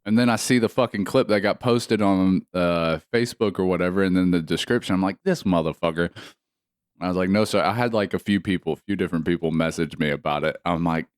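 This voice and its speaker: A man's voice: low voice, fairly quick, smooth, dry recording, clean studio sound. A man co-hosting a podcast in casual chat, cursing freely and laughing often. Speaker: podcast co-host.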